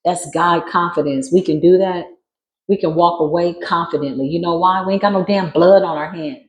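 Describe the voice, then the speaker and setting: A woman giving a spiritual reading in a casual monologue, brash and sassy, swearing freely and jumping into sudden high squeals. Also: steady tone, normal speed, echoey room, poor audio. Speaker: spiritual reader.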